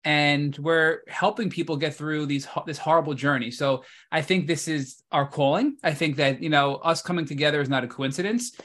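A man co-hosting a podcast, speaking earnestly and heartfelt, halting at times. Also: on the high side, steady tone, a bit bright. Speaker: podcast co-host. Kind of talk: interview talk.

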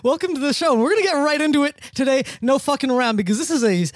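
A man's voice: very high-pitched, fast talker, no room sound, studio quality. A man hosting a podcast in casual, jokey banter, often breaking into laughter. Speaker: podcast host. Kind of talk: casual comedic music-critique chat.

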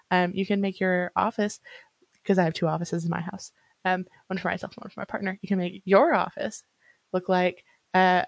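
A woman's voice: medium pitch, dry recording. A young woman co-hosting a podcast, talking eagerly and earnestly, with repeated rhetorical questions. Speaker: podcast co-host. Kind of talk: casual podcast chat.

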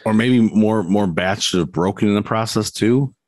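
A man's voice: fairly low pitch, moderate pace, darkish tone, dry recording. A man co-hosting a podcast, chatting loosely with plenty of filler words. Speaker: podcast co-host. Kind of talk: casual chat.

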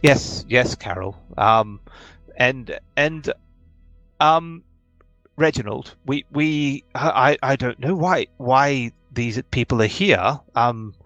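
A man doing a flustered, halting young man. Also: mid-range voice, expressive, fairly bright tone, no echo, highs cut off, soft background music, voice pushed up. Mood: confused. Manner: halting, repeats words. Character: flustered young human man, polite and confused.

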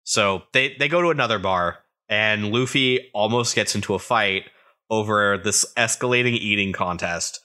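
A man's voice: lowish voice, pushed and bright. A man co-hosting a podcast, recapping a manga chapter by chapter in casual chat with joking asides. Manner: recaps the plot with joking asides and quick voiced quotes. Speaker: podcast co-host.

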